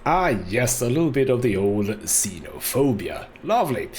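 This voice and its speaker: Male let's play host, lively pitch, wry. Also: moderate pace, hardly any pauses, faint music behind. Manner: chatty, wry, laughs often. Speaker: gaming host.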